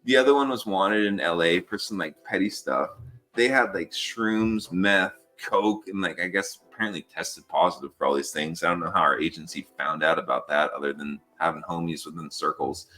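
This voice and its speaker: His voice sits low and his pace is moderate. An American podcast guest in his thirties who works on a fire patrol, he tells stories in a loose, animated way, cursing freely and dropping "dude" often.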